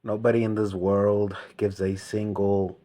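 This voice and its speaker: Low-voiced man ranting. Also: little pitch movement, unhurried, dark tone. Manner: ranting, emphatic, repetitive, slangy. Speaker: vlogger. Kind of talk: comic rant monologue.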